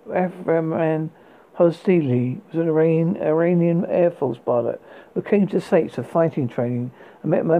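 A man reads a memoir aloud in a fairly high, gravelly voice, often tripping over words and starting them again. The sound is thin and tinny, like a phone line. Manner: halting reading with frequent stumbles and restarts. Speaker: reader.

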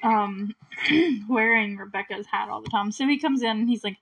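Recapping a film in a relaxed, chatty way, the same kind of host keeps laughing lightly and saying "like," pausing now and then to clear her throat. Her pitch is medium, her pace normal, and her tone a touch bright.

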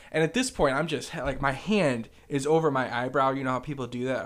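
A young man co-hosting a podcast, who tells stories in a casual, animated way and swears freely. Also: mid-range voice, brisk, hardly any pauses. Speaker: podcast co-host. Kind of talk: casual chat.

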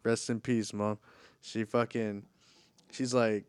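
A man's voice: lowish voice, level tone, slow, clear, resonant tone. Slangy, profane storyteller man. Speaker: storyteller in group chat. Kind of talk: casual chat.

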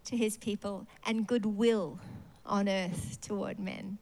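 A woman's voice: medium pitch, fairly even intonation, slow pace, few pauses, darkish tone. A woman preacher giving a sermon in a church service. She talks expressively and animatedly and often laughs.

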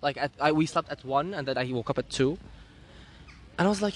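A man telling a story in casual chat, animated, laughing often and acting out what people said. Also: high-pitched, moderate pace, a little hiss or hum.

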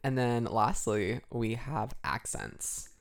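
A woman's voice: a bass voice, slow pace, creaky. A young woman co-hosting a podcast in casual chat, giggling often between lines. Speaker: podcast co-host.

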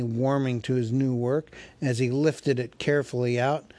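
Unhurried man reading a story aloud. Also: medium pitch, fairly even intonation, a little mellow, no room sound. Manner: measured, wry storytelling. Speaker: narrator. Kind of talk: audiobook reading.

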